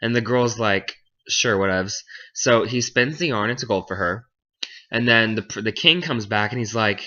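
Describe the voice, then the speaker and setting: A young man with a fairly low, pushed and bright voice casually retells a fairy tale in slang at a moderate pace. Flippant and jokey, he briefly acts out the characters in a dull, lo-fi home recording.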